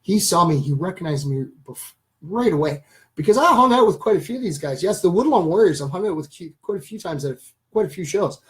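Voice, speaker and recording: A man hosting a casual live stream, rambling enthusiastically to his viewers and addressing them as ladies and gentlemen. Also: high voice, animated, fast, low-quality recording. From Canada. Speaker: channel host.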